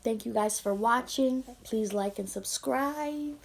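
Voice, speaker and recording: A woman's voice: on the high side, takes it slowly, creaky, slight background noise. A young woman vlogger telling an emotional story, tender and rambling, teary-eyed as she talks.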